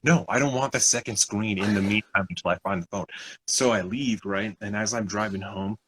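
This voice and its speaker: A young man tells a story on his podcast in a quick, husky voice that sits a little low. He acts out each person's lines as he goes and swears freely. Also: poor audio. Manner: animated retelling, acting out other people's lines, swears often. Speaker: podcast co-host. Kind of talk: casual storytelling chat.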